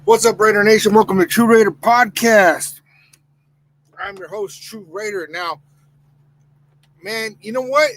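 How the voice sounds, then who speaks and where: A man with a high, slightly bright voice hosts a live sports podcast at a normal speed, ranting heatedly and reading chat comments aloud. The audio quality is poor.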